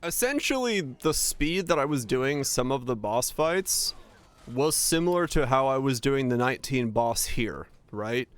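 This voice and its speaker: With a medium-pitched, animated voice, this young streamer talks a little slowly while playing a game. His chat with viewers is casual and full of profanity, and the audio has no echo.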